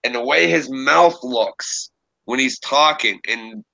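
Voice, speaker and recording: Bright-voiced man rambling on stream. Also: mid-range voice, takes it slowly, creaky, poor audio. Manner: rambling, profane, self-deprecating, laughs often. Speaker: streamer and creepypasta narrator. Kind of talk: casual livestream chat. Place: home room.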